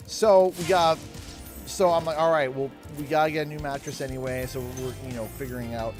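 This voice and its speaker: A man in his thirties from Canada chats casually during a livestream, sitting in his home office. His voice sits a bit high, and he wanders through rambling stories with frequent chuckles. Game music plays clearly behind him. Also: flat delivery, a little fast, darkish tone. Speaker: gaming streamer.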